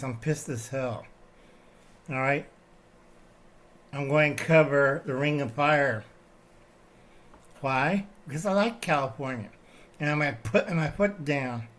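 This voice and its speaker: Older man, somewhat high voice, rambling satirical rant, keeps asking "okay?". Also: lively intonation, unhurried, long pauses, a bit bright. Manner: digressive, tags lines with "okay?"; shows items to the camera while talking. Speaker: channel host.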